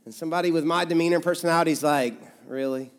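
High-voiced pastor, reverberant hall. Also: male voice, very fast. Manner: conversational, humorous, acts out quoted voices. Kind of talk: sermon. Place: large church hall. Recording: reverberant sanctuary sound.

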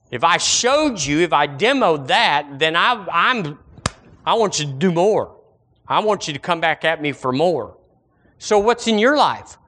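A man preaches with a fairly high, bright, forceful voice. He hammers points with repetition and swings his pitch up and down as he drives each line home. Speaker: pastor. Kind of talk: sermon.

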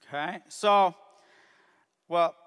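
A man's voice: high voice, drawn-out words, fairly bright tone, clear, resonant tone. A man telling a Bible story to children as a ministry teacher, constantly checking in with "okay?". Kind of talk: Bible story lesson for kids. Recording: long reverb of a hall.

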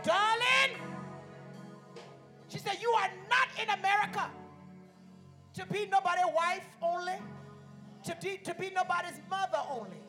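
A woman pastor preaching a sermon, calling out to the congregation and building up to shouted lines. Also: extremely high pitch, normal speed, pauses often. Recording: music playing behind.

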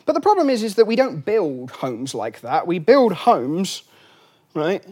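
A man's voice: sits high, sing-song, measured pace, darkish tone, slightly rough. Chatty man giving a lecture. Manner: chatty, many fillers and restarts, wry asides. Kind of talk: lunchtime lecture. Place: lecture room.

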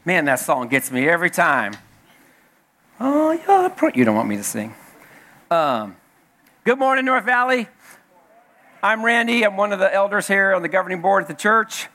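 A man preaching as a church elder, with a high, bright voice that stands out. He talks to the congregation in a folksy, joking way. He stumbles, restarts and repeats his key lines as he goes. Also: lively intonation, normal speed. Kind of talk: sermon.

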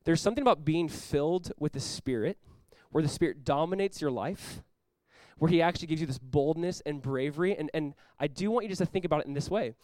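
Fast, emphatic man preaching a sermon. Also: fairly high pitch, a little mellow, no room sound, low-quality recording. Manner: earnest, emphatic, repeats words while building points; acts out short quoted voices. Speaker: pastor.

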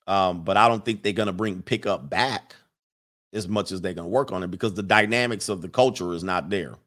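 A man's voice: sits low, brisk, fairly bright tone. A man hosting a casual livestream, talking emphatically with many fillers and restarts and reading chat comments aloud.

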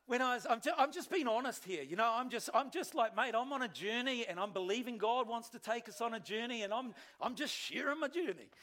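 A male pastor, preaching a sermon with animated, self-deprecating storytelling. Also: extremely high pitch, brisk, hardly any pauses.

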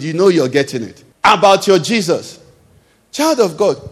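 A man's voice: mid-range voice, breathy edge, long reverb tail. A male pastor preaching a sermon to his congregation, emphatic, throwing questions out for the crowd to answer. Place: church hall.

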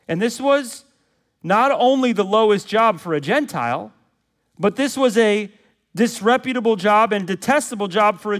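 High-voiced preaching pastor. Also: male voice. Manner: preaching with emphatic repetition and rhetorical questions; swings from loud and high to low and quiet. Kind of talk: sermon.

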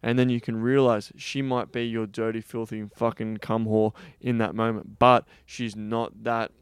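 A man in a casual podcast monologue with a gravelly yet smooth voice that stays flat in pitch. He talks bluntly and profanely and rambles through restarts. The sound is dry and close. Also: moderate pace, no echo. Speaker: podcast host and sex coach.

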